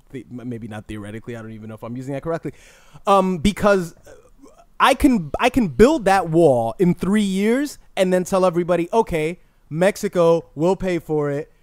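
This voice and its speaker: A man co-hosting a comedy podcast, chatting casually with quick, profane wit. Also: fairly high pitch, animated, no echo, clean studio sound. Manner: quick-witted, laughing, profane. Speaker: podcast co-host.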